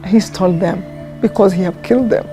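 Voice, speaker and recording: A woman, telling a personal story in a documentary interview, earnest and heartfelt, often pausing and restarting. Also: medium pitch, over music. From Rwanda. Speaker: interviewee, genocide survivor.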